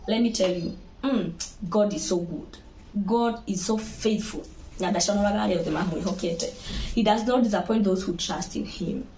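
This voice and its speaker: A young Kenyan woman with a Kenyan accent, telling her own birth story to viewers in a lively, laughing way and slipping into Swahili. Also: medium pitch, normal speed, a little hiss or hum. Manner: animated, laughing, mixes Swahili into English. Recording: echoey room.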